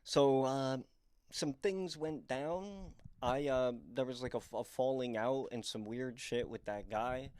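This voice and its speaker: A young adult man from the northeastern United States tells candid stories as a comedian, rambling and self-deprecating with plenty of fillers. His voice sits at an ordinary middle pitch, and the recording is dry and close. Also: takes it slowly, a little mellow, clean tone, no room sound. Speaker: comedian and storyteller. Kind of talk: candid storytelling monologue.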